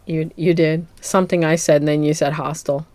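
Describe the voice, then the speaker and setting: A woman's voice: low voice, flat delivery, brisk, warm tone, no echo. A woman co-hosting a podcast, rambling playfully through movie picks and laughing often. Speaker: podcast co-host. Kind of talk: casual chat.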